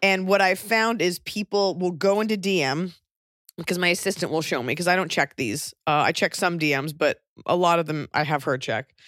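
A pregnant woman hosting a podcast, talking in casual chat with wry, deadpan jokey rants. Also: fairly low pitch, a little fast, dry recording, studio quality. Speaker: podcast host and touring comedian.

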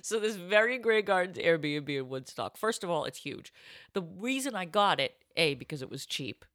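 A woman's voice: fairly low pitch, lively intonation, moderate pace, fairly bright tone, dry recording, studio quality. A woman co-hosting a podcast, telling a comic story in casual chat and slipping into silly voices. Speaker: podcast co-host.

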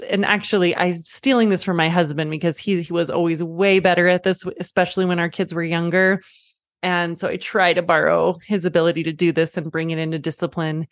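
A woman in her thirties, a parent coach and host, talking casually and chattily, often slipping into a high playful voice to act out quotes. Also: no echo, studio quality. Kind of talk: casual teaching talk.

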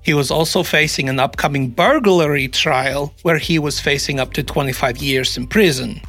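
A man's voice: fairly high pitch, normal speed, a bit bright, soft background music. A man hosting a podcast, chatting casually and narrating a true-crime story with sarcastic asides. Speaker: podcast host.

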